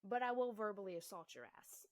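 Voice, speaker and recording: Young woman, mid-pitched, profane, blunt, emphatic outbursts, dry close recording. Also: very animated, brisk, no room sound. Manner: swears heavily, loud emphatic bursts, frequent asides. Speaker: mother and vlogger. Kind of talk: blunt, profane relationship rant to camera.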